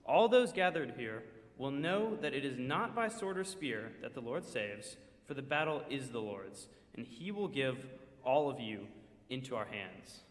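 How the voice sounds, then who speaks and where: A man voicing a teenage shepherd boy who shouts loud, defiant declarations at a giant, recorded in an echoey church hall with a long reverb. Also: medium pitch, sing-song, a little slow. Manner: declaiming loudly with full effort.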